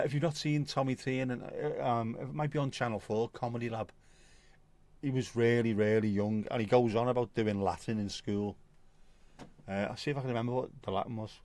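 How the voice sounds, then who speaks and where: A man's voice: on the low side, darkish tone, dry recording. A middle-aged man, hosting a livestream in casual chat, laughing and swearing often as he talks. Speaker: livestream host. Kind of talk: casual chat reading viewer comments.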